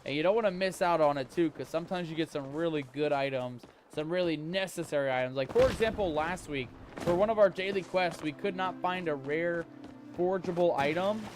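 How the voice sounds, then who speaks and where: Guy hosting a game stream, kinda high voice, chatty, throws in pirate talk. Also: brisk, a little hiss or hum. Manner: chatty, greets viewers with pirate slang. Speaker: livestream host. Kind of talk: live gameplay commentary.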